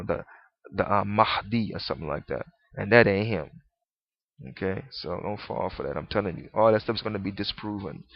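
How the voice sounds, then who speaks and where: A man's voice: fairly low pitch, no room sound, muffled recording. A man in a ranting monologue, rambling and preachy, stumbling over restarts, with mocking, profane asides.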